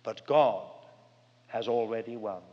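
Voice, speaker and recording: An older man preaching a sermon, earnest and dramatic, with big swings in pitch and loudness as he tells stories. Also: unhurried. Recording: long hall reverb, dull lo-fi sound.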